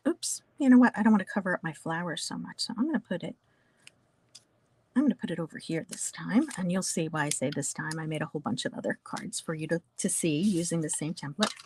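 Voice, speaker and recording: A woman's voice: medium pitch, darkish tone, slight background noise. A woman from New Jersey teaching a casual card-making class, chatty and talking through each step with small asides. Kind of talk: casual craft tutorial.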